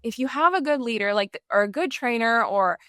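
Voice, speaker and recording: Woman trainer guest on a podcast; bright-pitched, upbeat coaching delivery, dry recording. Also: brisk, dry recording. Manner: animated, peppered with "like" and "right?". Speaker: customer service trainer. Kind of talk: podcast interview.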